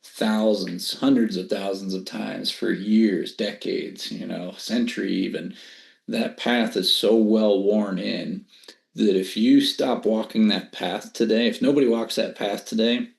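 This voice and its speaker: Slow, gravelly low man in an echoey room. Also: fairly even intonation. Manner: slow, deliberate explaining. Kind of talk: casual Bible study discussion.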